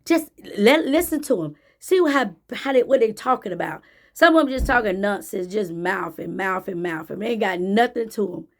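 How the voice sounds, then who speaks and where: A woman's voice: medium pitch, expressive, moderate pace. A woman giving a faith-based motivational talk to camera, emphatic and preachy, repeating phrases for emphasis. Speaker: motivational speaker.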